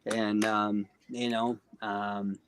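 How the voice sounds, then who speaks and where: A man's voice: on the low side, little pitch movement, very slow, slight background noise. A man speaking as a singer-songwriter guest in a casual interview, earnest and heartfelt, filling his talk with "um" and "you know". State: choked up.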